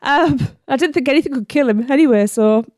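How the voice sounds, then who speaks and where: A woman's voice: sits high, a little fast, darkish tone, dry recording, studio quality. A woman co-hosting a podcast in casual chat, hesitant and giggly. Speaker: podcast co-host.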